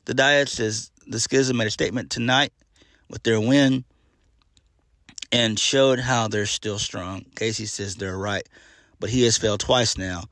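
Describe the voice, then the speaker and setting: A man's voice: fairly low pitch, steady tone, unhurried, a bit bright, no room sound, clean studio sound. A man giving a casual solo review of a wrestling show, blunt and exasperated, swearing freely and trailing off into fillers.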